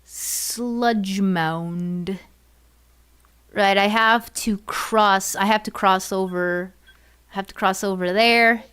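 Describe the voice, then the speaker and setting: A woman chats casually while playing on stream, talking slowly and thinking out loud. Her voice is smooth and clear, and she drifts through fillers and repeats with a giggly, self-mocking tone. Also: mid-range voice, steady tone. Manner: rambling, thinks aloud with many fillers and repeats. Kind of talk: casual gaming livestream chat.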